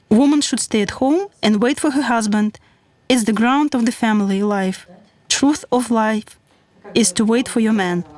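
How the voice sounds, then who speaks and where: A woman reading a voice-over translation of an interview, voicing both the questions and the answers in one even voice. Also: on the high side.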